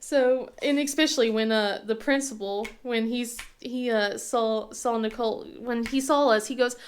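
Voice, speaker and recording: A woman in her thirties chatting casually as a crafting channel host, rambling and halting with lots of fillers and restarts. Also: fairly high pitch, steady tone. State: tearful at times. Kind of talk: casual chat.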